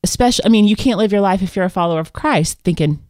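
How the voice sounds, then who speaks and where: A woman co-hosting a casual chat, animated and candid as she tells a story and reflects on it. Her voice sits at a middle pitch and is recorded close and dry, with no room sound. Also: very fast, no room sound. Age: adult with children. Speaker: podcast co-host.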